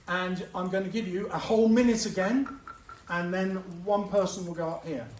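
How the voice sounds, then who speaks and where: Man, teacher, revision lecture, lively and jokey, fairly high voice, school hall, roomy echo. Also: moderate pace, a little hiss or hum. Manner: lively, jokey, acts out characters. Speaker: English teacher. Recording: roomy hall sound from a distance.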